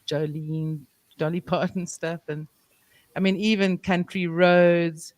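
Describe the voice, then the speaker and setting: A woman's voice: fairly low pitch, little pitch movement, slow, darkish tone, no echo. Chatty woman in a dry close recording. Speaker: guest. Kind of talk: casual chat.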